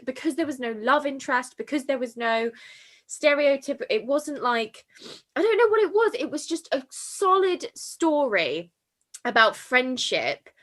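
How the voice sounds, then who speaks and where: A woman hosts a casual film podcast, her voice fairly high and bright. She is tearful and emotional, laughing through tears and filling her talk with "like". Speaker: podcast host.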